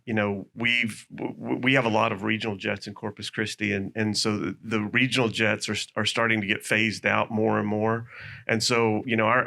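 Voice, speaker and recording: Man, airport official on a panel; low, flat, gravelly voice, stammering. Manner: halting, stammers and restarts. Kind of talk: panel discussion.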